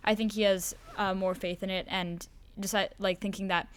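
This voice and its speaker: A woman's voice: mid-range voice, flat delivery, normal speed, a little hiss or hum. A teenage girl answering interview questions in casual, thoughtful chat with some hesitant fillers. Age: teens. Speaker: student actor, interview guest. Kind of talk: casual chat on a school podcast.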